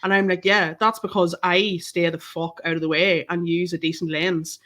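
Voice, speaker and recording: Animated Northern Irish woman telling stories. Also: fairly low pitch, normal speed. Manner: animated storytelling, swears freely. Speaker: podcast guest, photographer. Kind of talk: casual chat.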